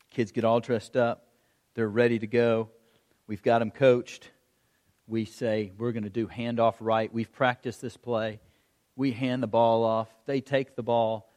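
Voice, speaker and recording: A middle-aged man preaching a sermon, telling stories in an animated way and acting out the calls of a coach. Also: medium pitch. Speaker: pastor. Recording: long hall reverb.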